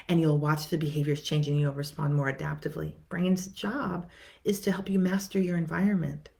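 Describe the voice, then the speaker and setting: A middle-aged woman therapist talks viewers through a lesson in a lowish, gravelly voice. She speaks conversationally, repeats and restarts her words, and briefly acts out what her clients say. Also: fairly even intonation, fast, a little mellow. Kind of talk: teaching talk to viewers.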